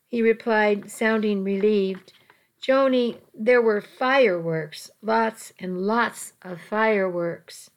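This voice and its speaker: A woman narrating a romance story in a soft, intimate reading voice. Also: on the high side, takes it slowly.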